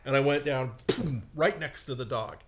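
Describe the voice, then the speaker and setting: A man's voice: mid-range voice, normal speed, background noise. A man telling a long, rambling personal anecdote in a casual, self-mocking way. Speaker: storyteller. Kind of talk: casual storytelling on a comedy talk show.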